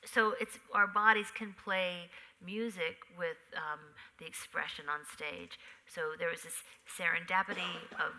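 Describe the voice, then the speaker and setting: A middle-aged woman, a memoir author on a theater stage, telling animated stories in a live conversation and acting out sounds. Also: lowish voice, measured pace, hardly any pauses, poor audio. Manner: animated storyteller who acts out sounds.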